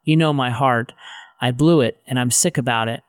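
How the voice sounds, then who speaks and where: A man's voice: mid-range voice, moderate pace, clear, resonant tone, dry recording, clean studio sound, natural voice. A man voicing Peter, an impulsive, devoted fisherman, in blunt, casual modern talk. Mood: heartfelt.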